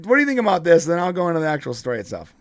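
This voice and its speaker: High-voiced, rambling man on a dry live stream. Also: sing-song, racing, no echo. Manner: rambling, laughs often, many restarts. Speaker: podcast co-host. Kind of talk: casual live-stream chat.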